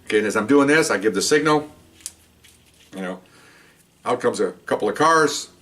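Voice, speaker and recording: An older man, a retired police officer, telling a story casually and jumping up in pitch as he acts out the dialogue. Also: normal speed. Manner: animated, jumps up in pitch when acting out dialogue. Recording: voice picked up from a distance.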